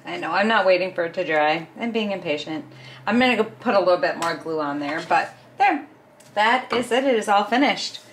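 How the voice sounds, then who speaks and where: A woman's voice: fairly low pitch, animated, fairly quick, a bit bright, a little hiss or hum. A woman hosting a casual craft video, narrating each step as she works, chatty with small laughs. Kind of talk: casual craft tutorial voice-over.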